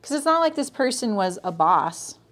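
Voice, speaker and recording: A woman's fairly high, sing-song voice, a bit bright and at a moderate pace, leads a live sewing tutorial. She greets viewers by name, chats through each step, and regularly checks in with "right?".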